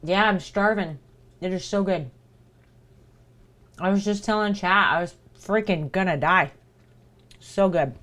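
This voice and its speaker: A woman's voice: lowish voice, measured pace, pauses often, fairly bright tone. A woman streamer chatting casually with her viewers, talking while she eats. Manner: chatty, talks to chat while eating. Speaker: livestreamer. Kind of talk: casual livestream chat.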